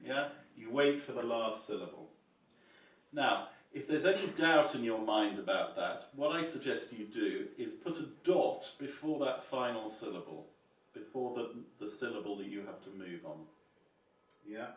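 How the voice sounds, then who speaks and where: Here a choral music teacher with a fairly low, animated voice walks through psalm chanting, playing the piano as he goes. His explanations are measured and peppered with "yeah?" The recording has an echoey room, a distant mic, and piano.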